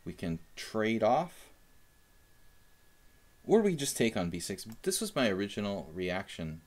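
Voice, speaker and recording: A man's voice: lowish voice, very animated, unhurried. A young man chatting casually while analyzing chess moves on a live stream, thinking aloud with fillers.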